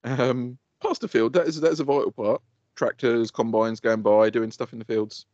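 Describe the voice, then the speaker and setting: A British man co-hosting a podcast, telling animated stories, swearing and laughing as he goes. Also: medium pitch, normal speed, dry recording, highs cut off. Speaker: podcast co-host. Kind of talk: casual chat.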